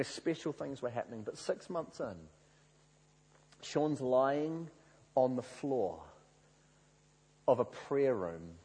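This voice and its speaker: Male preacher, husky, animated storytelling sermon in a reverberant hall. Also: medium pitch. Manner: animated storyteller, acts out quoted prayers.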